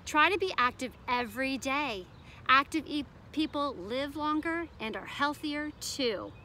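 A woman's voice: a little high, bright, forceful tone, slight background noise. A woman preschool teacher reading a picture book aloud to young children, asking them questions in a sing-song way.

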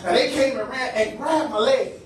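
A man pastor with a Cleveland, Ohio accent preaching a call-and-response sermon, climbing into shouted, drawn-out phrases. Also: extremely high pitch. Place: church sanctuary. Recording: echoey church hall from far off, noisy.

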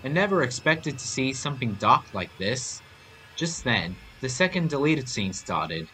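A man's voice: mid-range voice, a little slow, slight background noise. A man narrating a homemade horror story aloud. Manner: reading aloud, animated. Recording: faint music behind voice.

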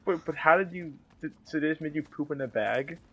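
A man's voice: on the high side, brisk, fairly bright tone, husky, rough recording. A young man in casual chat with friends, teasing and asking prying questions.

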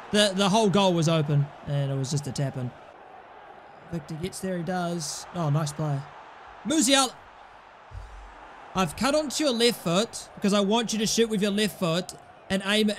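A man's voice: high voice, expressive, moderate pace, pauses often, a little hiss or hum. A young man giving casual commentary over his own gameplay, exasperated and sarcastic, swearing often. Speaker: gaming channel host.

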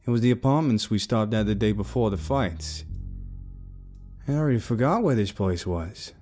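Lively rough-talking male storyteller. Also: fairly low pitch, moderate pace, faint music behind. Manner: rough, casual tough-guy talk, swears a lot. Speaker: narrator. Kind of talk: first-person story narration.

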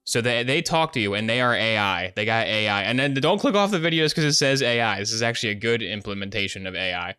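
A man streaming a game and joking his way through it in a goofy, casual tone. His voice is bright and crisp, recorded close and dry, with faint music behind. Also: lowish voice, lively intonation, quick pace, hardly any pauses, dry recording. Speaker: gaming streamer. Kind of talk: casual gameplay commentary. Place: home streaming setup.

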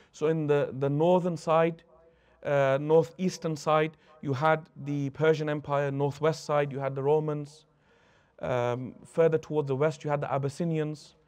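A man's voice: on the high side, a little mellow. A man teaching a religious lesson who tells stories, acts out the anecdotes and mixes Arabic phrases into his English. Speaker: Islamic teacher.

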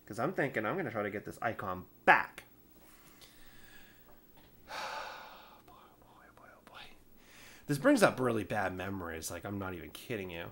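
A man casually telling a tech support story from his past, animated and exasperated, poking fun at himself. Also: mid-range voice. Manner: animated, exasperated, self-mocking. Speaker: storyteller, former IT support worker.

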